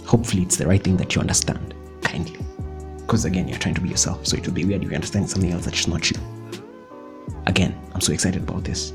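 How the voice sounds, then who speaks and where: A man's voice: deep voice, darkish tone. A young man giving chatty, playful motivational advice in a casual vlog, laughing often and dropping in slang. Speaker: vlogger.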